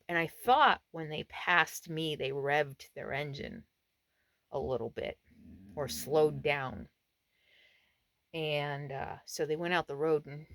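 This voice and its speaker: A woman's voice: deep voice, no room sound. A woman RV vlogger telling a story to the camera from inside her camper, acting out what was said. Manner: animated retelling, acts out quotes. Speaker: RV travel vlogger.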